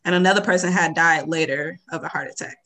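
A woman's voice: sits low, fast talker, bright, forceful tone. A young woman co-hosting a casual chat, telling stories with giggles. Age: young adult. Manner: giggly storytelling. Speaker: podcast co-host.

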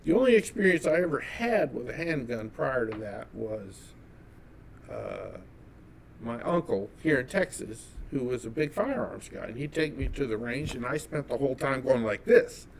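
A man from California telling a personal story as an interview guest, animated and acting out the dialogue. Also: medium pitch, normal speed, creaky, a little hiss or hum. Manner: animated, acts out quoted dialogue.

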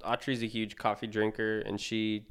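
A man's voice: on the low side, completely flat delivery, normal speed, smooth. A young man co-hosting a podcast, chatting casually in a laid-back, slangy way. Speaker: podcast co-host. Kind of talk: casual chat.

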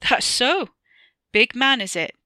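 A woman's voice: mid-range voice, brisk, pushed and bright, dry recording, clean studio sound. A woman reading a short story aloud, voicing a stern, probing older man with a lilting accent. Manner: brusque, probing questions.

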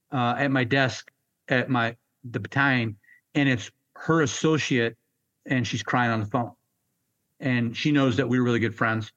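A man's voice: medium pitch, a bit bright, dull audio. A middle-aged man, a Marine veteran, telling war stories bluntly in an interview, swearing and acting out the dialogue. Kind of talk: storytelling interview.

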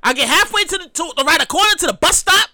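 High, lively woman ranting as show host. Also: quick pace, no echo. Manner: excitable, profane, ranting. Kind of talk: comedic rant commentary.

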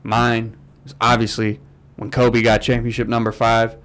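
A young man hosting a podcast, talking sports in casual, profane, animated banter. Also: medium pitch, moderate pace. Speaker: podcast host.

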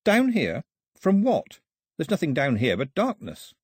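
A man's voice: fairly high pitch, huge pitch swings, slightly rough, no echo, clean studio sound, voice pushed up, heavily acted. A man doing a blunt, fierce island boy. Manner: blunt, fast, sharp.

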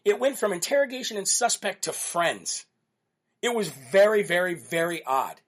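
A male host delivering a live-streamed monologue with fairly high pitch. He tells his story in an animated way and keeps repeating key phrases for emphasis. The delivery is brash and conversational. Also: normal speed. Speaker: political talk show host.

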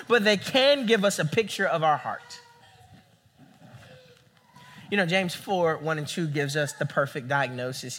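High, bright-voiced young man preaching. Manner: animated, acts out quoted voices. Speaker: campus pastor. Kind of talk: sermon.

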